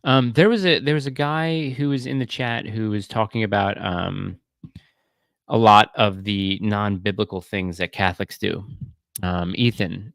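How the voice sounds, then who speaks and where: A man's voice: low voice, creaky, no echo. A man hosting a casual livestream, chatting and rambling with many fillers and restarts. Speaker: livestream host.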